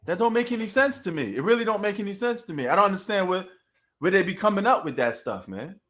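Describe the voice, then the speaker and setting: A man from New York with a New York accent, chatting casually on a sports live stream, loose and animated, full of street slang. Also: high-pitched, fast.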